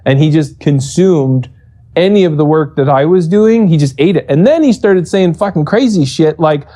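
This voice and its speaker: Brief: animated, profane male coach telling a heated story; warm, relaxed voice. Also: a little high, moderate pace. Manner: profane, animated, acts out quoted exchanges. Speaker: esports coach. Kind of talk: casual storytelling interview.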